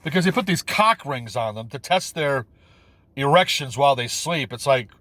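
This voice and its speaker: A man's voice: animated, moderate pace, pushed and bright, no echo. A man ranting about a film on his channel, rambling and repeating himself, stumbling over words, his voice jumping up when he's exasperated. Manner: incredulous, pitch jumps when exasperated. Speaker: video commentator.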